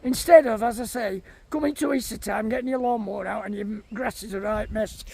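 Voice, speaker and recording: Chatty man vlogging outdoors, very high pitch with gravelly fry. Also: fairly quick, darkish tone. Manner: chatty, talks to animals and viewers. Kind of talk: casual vlog chat. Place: outdoors in a field.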